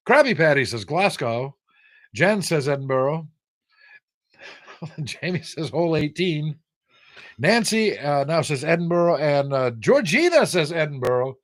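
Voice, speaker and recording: An older man from the United States runs a casual trivia livestream. He is teasing and wry, reading viewers' answers aloud and joking back at them. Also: a little high. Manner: teasing, sarcastic, reads viewer names aloud. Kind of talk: casual live-chat trivia banter.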